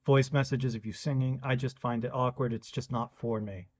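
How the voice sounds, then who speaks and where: A man with a deep, slightly smoky voice talks on a podcast. He sounds relaxed and conversational and speaks at a middling pitch. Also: moderate pace, highs cut off. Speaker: podcast co-host. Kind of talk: casual chat.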